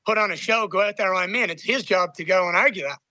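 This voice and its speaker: A man speaking in an interview, confident and eager. His voice is high and bright, with a dry, close sound. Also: fast talker, no room sound. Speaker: fighter interviewed.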